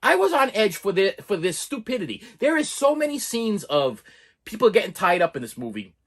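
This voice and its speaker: A man's voice: sits high, a little fast. A man reviewing a movie in a casual, exasperated rant, full of repeats and restarts. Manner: animated, exasperated, repeats himself.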